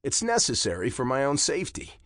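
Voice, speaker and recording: A man narrating a romance audiobook in the first person, with a slow, low and intimate delivery. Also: wildly swooping pitch, a bit bright, no room sound, studio quality.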